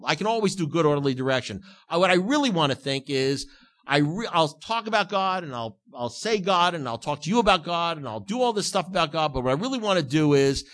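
A man's voice: on the high side, fairly bright tone. A man telling stories to a recovery group in an emphatic, repetitive, self-mocking way. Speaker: recovery meeting speaker. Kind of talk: storytelling talk to a group.

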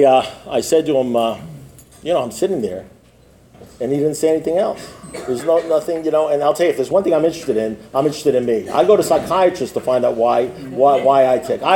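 A man giving a humorous, rambling talk at a recovery meeting, repeating himself, often asking "you know what I mean", and dropping lower to quote his sponsor. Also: warm tone, a little hiss or hum.

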